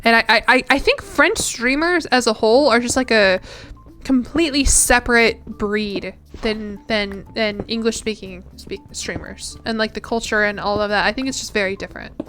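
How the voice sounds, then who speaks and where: Young woman, streamer chat, rambling and self-mocking, clear smooth voice. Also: a little high, normal speed, a bit bright, faint music behind. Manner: rambling, chatty, self-deprecating. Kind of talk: casual chat while gaming.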